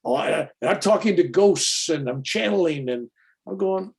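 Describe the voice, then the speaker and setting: Here a high, creaky male voice delivers a spiritual talk at a moderate pace, animated throughout. The teacher stays casual and plainspoken and likes to act out what others said.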